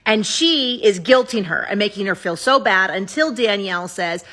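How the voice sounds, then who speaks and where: A woman's voice: mid-range voice, animated, moderate pace, bright, forceful tone. A woman giving candid, opinionated casual commentary to camera as a vlogger recapping a show.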